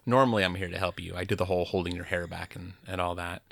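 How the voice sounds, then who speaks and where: A man's voice: low-pitched, steady tone, fast, creaky, a bit bright, no echo, clean studio sound. A man co-hosting a podcast, casually steering the chat with questions. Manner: easygoing, steers the talk with questions. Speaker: podcast co-host.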